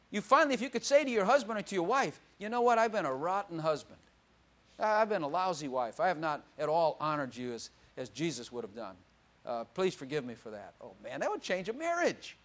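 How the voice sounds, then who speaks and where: An older man's voice sits high as he preaches an animated sermon. He moves between loud exclamations and quiet asides, laughing often along the way.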